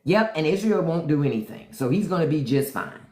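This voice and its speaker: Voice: medium pitch, lively intonation, fairly quick, a little mellow. A livestream host giving unscripted commentary in a blunt, profane, ranting way. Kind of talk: unscripted live-stream commentary. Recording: roomy echo.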